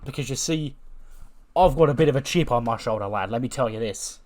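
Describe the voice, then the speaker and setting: A man's voice: mid-range voice, lively intonation, fairly quick, darkish tone, lightly acted. A man voicing a cocky male wrestler who boastfully hosts his own talk segment. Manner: boastful, showman announcing.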